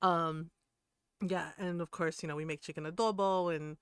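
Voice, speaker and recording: Woman in her fifties, streamer, chatty, laughs often, smooth voice, dry close sound. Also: fairly low pitch, fairly even intonation, normal speed, fairly bright tone, no echo. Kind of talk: casual chat while gaming.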